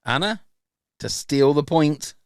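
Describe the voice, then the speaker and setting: A man's voice: a little high, lively intonation, slow, clear, resonant tone, no room sound. A man hosting a quiz on a podcast. His voice rises and falls a lot as he teases his guests, spells words out letter by letter and laughs often. The sound is dry and close. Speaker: podcast host running a quiz. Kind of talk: casual quiz banter.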